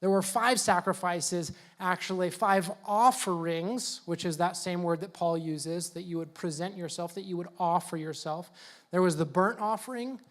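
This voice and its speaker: A youth pastor preaching to young people in a casual, joking, conversational way. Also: male voice, sits high. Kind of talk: youth sermon.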